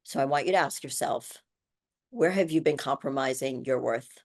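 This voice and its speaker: A woman's voice: rumbling low, normal speed. A woman in her sixties hosting a solo podcast, speaking earnestly and encouragingly straight to women listeners. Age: 60s. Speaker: podcast host. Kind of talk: heartfelt solo podcast monologue.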